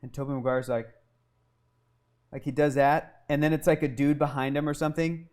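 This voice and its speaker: A man telling a long childhood story as an interview guest, animated and swearing often, acting out what people said. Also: fairly high pitch, brisk. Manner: animated and profane, acting out quotes.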